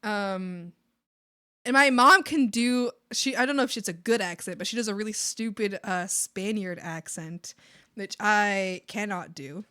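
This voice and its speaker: A woman's voice: medium pitch, a little slow, pushed and bright, no echo, studio quality. A Canadian woman from the Maritimes chatting casually on a live art stream, bubbly and giggly, rambling with lots of fillers.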